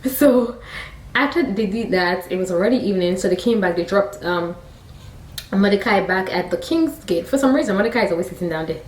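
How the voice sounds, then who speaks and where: A woman with a Nigerian accent retelling a Bible story in a chatty, animated way, with laughing asides. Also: medium pitch, fairly quick. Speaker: faith storyteller, vlogger. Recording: roomy sound from a distant mic.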